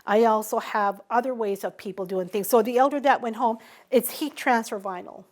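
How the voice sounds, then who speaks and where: A woman's voice: a little high, moderate pace. A middle-aged woman in a conversational interview, telling stories and acting out the dialogue she quotes. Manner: animated, acts out quoted dialogue. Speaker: interviewee, small business owner.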